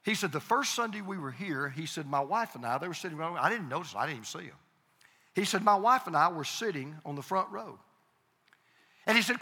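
Bright-voiced pastor preaching in a hall. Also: male voice, fairly high pitch, expressive, breathy edge. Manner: storytelling with repeated starts and emphatic pauses. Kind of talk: sermon storytelling.

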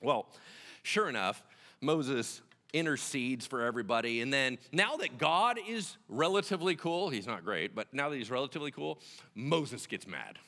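A man preaching a sermon, telling the story in an animated way and acting out the dialogue. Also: mid-range voice, normal speed, long reverb tail. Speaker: pastor.

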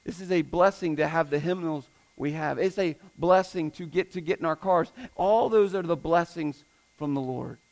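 A man's voice: fairly high pitch, normal speed, a little mellow, poor audio. A man preaching a sermon as pastor, emphatic, repeating his points and asking the congregation rhetorical questions.

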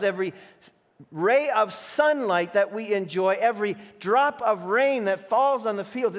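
A man preaching a sermon as a pastor, switching between emphatic declarations and hushed, imagined voices of temptation. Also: high voice. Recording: long reverb of a large hall.

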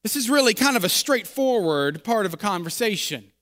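A man's voice: high-pitched, expressive, brisk, a bit bright. A man preaching as a pastor, reading scripture, praying, then retelling the story in a loose, conversational way with fillers and repeated words. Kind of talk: sermon with scripture reading and prayer. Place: church sanctuary. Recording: long church reverb.

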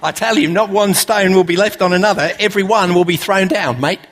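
A man's voice: high voice, brisk, noisy background, voice pushed up, lightly acted. A preacher putting on an Australian accent to voice a jovial male tour guide, playful and emphatic. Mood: jokey.

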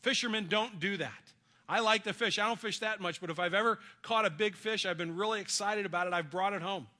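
Bright, high-voiced middle-aged male pastor. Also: fairly quick. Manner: earnest storytelling, drops soft for quoted comfort. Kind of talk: sermon.

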